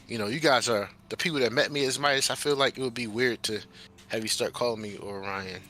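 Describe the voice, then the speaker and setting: Male tabletop player with a bright, forceful voice, casual and protesting. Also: medium pitch, brisk, a little hiss or hum. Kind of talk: casual chat at a tabletop game.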